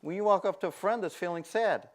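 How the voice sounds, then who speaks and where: Man giving a conference talk, somewhat high voice, lively delivery that acts out the people he quotes. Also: fast talker. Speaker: conference speaker. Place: conference room.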